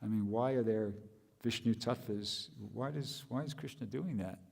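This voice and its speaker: A man's voice: mid-range voice, normal speed, vocal fry, a little mellow, in a large hall. A man giving a scripture class, thinking aloud with restarts and rhetorical questions.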